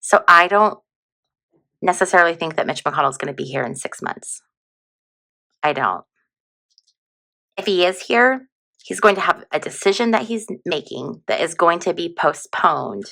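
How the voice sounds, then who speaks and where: A woman's voice: fairly low pitch, lively intonation, moderate pace, gravelly, pauses often, sharp tone. A woman giving a casual, chatty tarot reading on video, full of fillers and prone to giggling. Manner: chatty, giggly, lots of fillers like "like" and "you know". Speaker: tarot reader.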